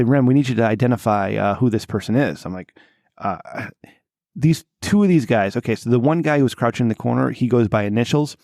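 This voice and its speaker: A man co-hosting a podcast, telling a long story in casual chat, swearing freely and jumping to a high, exasperated voice when he quotes himself. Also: creaky, no room sound, clean studio sound. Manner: animated, profane, voice jumps high when exasperated. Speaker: podcast co-host.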